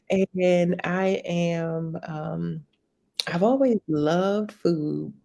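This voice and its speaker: A woman about forty, a guest in a casual interview, telling her story in a relaxed way and laughing easily. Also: fairly low pitch, drawn-out words, gravelly. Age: 40s. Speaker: guest, private chef.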